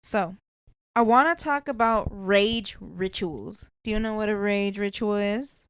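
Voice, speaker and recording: A woman's voice: medium pitch, measured pace, clear, resonant tone, dry recording. A woman hosting a podcast, chatting casually in a blunt, profane way. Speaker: podcast host.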